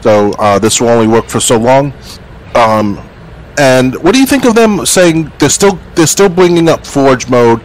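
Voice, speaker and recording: A man's voice: mid-range voice, animated, a little slow, poor audio. A man hosting a casual podcast, asking questions hesitantly with many fillers.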